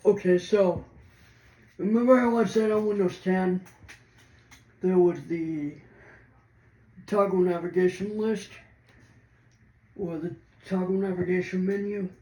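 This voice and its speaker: A man with a high-sitting, mellow voice and a steady tone speaks unhurriedly, pausing often, as he hosts a casual screen-reader walkthrough. The tech video host explains things hesitantly and ramblingly, with many restarts, while indoors at his computer in a roomy space with faint background noise.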